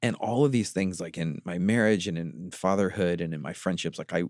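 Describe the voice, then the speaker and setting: A man with a low voice talks earnestly in a reflective podcast chat, often pausing to find his words. The sound is dry and close, with almost no room around it. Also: darkish tone, no room sound. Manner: earnest, confessional, searching for words. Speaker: podcast co-host.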